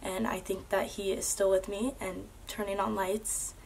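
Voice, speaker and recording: A woman's voice: medium pitch, little pitch movement, moderate pace, gravelly, a little hiss or hum. Earnest young woman telling a personal story. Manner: earnest, with many fillers like "like" and "um".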